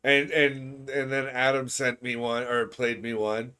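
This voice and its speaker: Man, casual gaming co-host, giggly and excitable, stumbles over his words. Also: mid-range voice, a little slow, smooth. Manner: laughs often, stammers and restarts, gets loud when excited. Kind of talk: casual chat.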